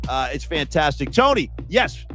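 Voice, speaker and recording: A man with a high voice hosts a podcast in loose, joking chat full of slang. Faint music plays behind him. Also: sing-song, normal speed, sharp tone. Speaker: podcast host. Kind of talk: casual chat.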